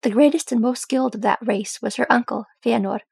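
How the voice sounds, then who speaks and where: A woman voicing a grim, weary ranger who speaks in a grave, measured way. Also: a little high, gravelly, a little mellow, breathy edge, no room sound, heavily acted.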